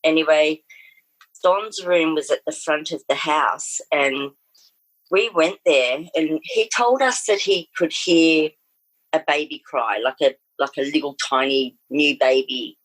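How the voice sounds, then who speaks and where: A woman's voice: low-pitched, measured pace, no echo, low-quality recording. A middle-aged Australian woman telling a personal ghost story in a rambling, casual way, full of fillers and restarts.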